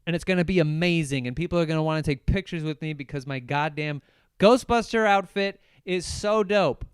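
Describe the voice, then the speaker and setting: A man's voice: a little high, fairly quick, smooth, no echo. Profane, ranting young man reviewing a film. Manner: profane, sarcastic, rambling. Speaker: podcast host. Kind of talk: solo movie review rant.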